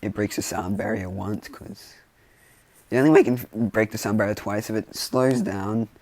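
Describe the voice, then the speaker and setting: A man's voice: lowish voice, steady tone, moderate pace, a little mellow, dry recording. A man casually improvising a fan-fiction story, rambling with lots of fillers. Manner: rambling, many fillers like "like" and "you know". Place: indoors with rain outside.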